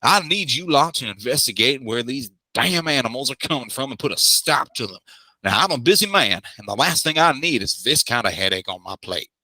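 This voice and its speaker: A man voicing a brusque, impatient wealthy businessman in a tabletop game, speaking in a gruff, dismissive way. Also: mid-range voice, lively intonation, brisk, bright, forceful tone, no echo.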